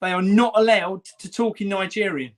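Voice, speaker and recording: A man's voice: high-pitched, steady tone, moderate pace. A man, telling a personal story earnestly in casual chat, swearing now and then. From England. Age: 50s.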